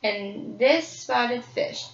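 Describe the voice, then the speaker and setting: A woman's voice: fairly high pitch, extremely slow, vocal fry, heavily acted. A woman voicing a loving, affectionate mother bear while reading a storybook aloud. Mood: tender. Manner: tender, affectionate. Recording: roomy, slightly dull recording.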